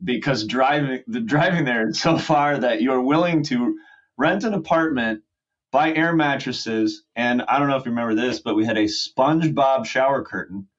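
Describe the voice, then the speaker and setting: A man's voice: mid-range voice, normal speed. A man in his forties, a podcast guest, telling a long story with fillers and restarts and acting out what people said. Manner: rambling with fillers and restarts, acts out quotes. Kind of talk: casual storytelling. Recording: muffled lo-fi audio.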